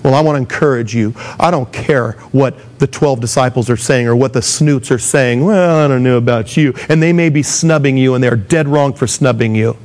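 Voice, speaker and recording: A man preaching a sermon in a mid-range voice, speaking with emphatic rises and lively acted quotes. He talks straight to his listeners, pressing his points home. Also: medium pitch, moderate pace, hardly any pauses. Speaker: pastor.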